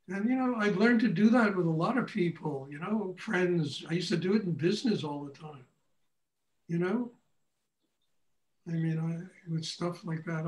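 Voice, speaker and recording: An older man teaching a meditation class, telling stories in a blunt, animated way, often breaking into laughter. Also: high-pitched. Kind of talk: storytelling lecture. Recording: echoey room, far from mic.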